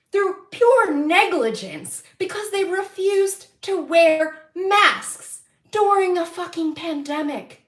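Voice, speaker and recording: A high-pitched woman with a bright, sharp tone, doing a livestreamed tarot reading. She vents angrily, swearing freely and breaking into laughter, at an unhurried pace. Her voice rings in an echoey room. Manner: angry, profane venting broken by laughter. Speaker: tarot reader.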